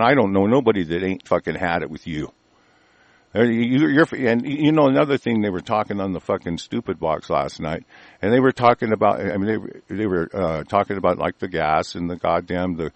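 A man's voice: fairly low pitch, no echo. Angry cussing guy ranting on air, keeps restarting, dry close mic. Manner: angry, profane, rambling with restarts. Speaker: host reading and ranting on air. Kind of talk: profane ranting commentary.

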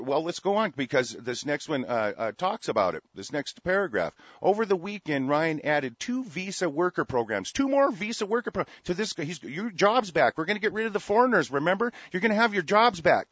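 A man with a higher-than-usual voice hosts a talk radio show, ranting angrily with plenty of profanity. His delivery jumps between loud outbursts and low grumbling. The recording is dry and dull, with a lo-fi radio sound. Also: no room sound. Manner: angry, profane, swings between shouting and muttering.

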